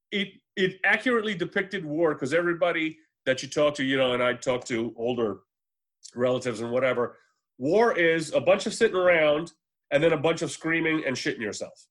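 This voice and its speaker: A man in casual conversation about films, rambling and swearing freely, slipping into quick voices to retell scenes. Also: fairly high pitch. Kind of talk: casual movie chat.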